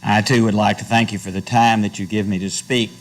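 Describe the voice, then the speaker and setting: Indignant older man, low voice. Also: little pitch movement, a little hiss or hum, poor audio. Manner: pointed, indignant, measured. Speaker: public commenter at school board meeting. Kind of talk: prepared public comment.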